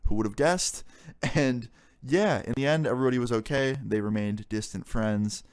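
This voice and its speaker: A man's voice: mid-range voice, normal speed, clean tone. A young man telling a story in a casual storytime vlog, exasperated and swearing freely as he goes. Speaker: vlogger.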